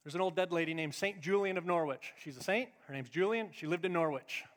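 A middle-aged man preaching a sermon as pastor, swinging between loud emphatic lines and hushed, confiding asides. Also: a little high, fast talker. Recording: long reverb of a large hall.

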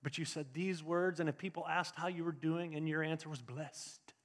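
High-voiced preaching man in an echoing hall. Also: fairly quick. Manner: animated preaching, talks to the congregation, rising to emphatic peaks. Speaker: pastor. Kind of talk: live sermon. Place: church sanctuary with congregation. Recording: reverberant church hall.

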